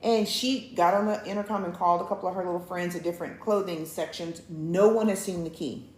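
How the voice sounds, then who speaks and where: A woman, co-hosting a couples show and telling a story to viewers in a casual, animated way, acting out each line of dialogue. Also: on the low side, fairly quick. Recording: roomy, with faint background noise.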